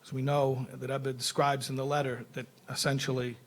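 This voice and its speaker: A rabbi giving an animated Torah lecture, telling a parable and often repeating words as he restarts. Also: medium pitch, a little fast. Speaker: rabbi teaching.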